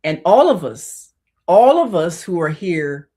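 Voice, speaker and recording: Brief: female radio host, deep voice, heartfelt spiritual storytelling, shifts from hushed to loud. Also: sing-song, takes it slowly. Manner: emotional, swings from hushed to loud; conversational, many "you know" fillers. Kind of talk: personal storytelling on spiritual topics.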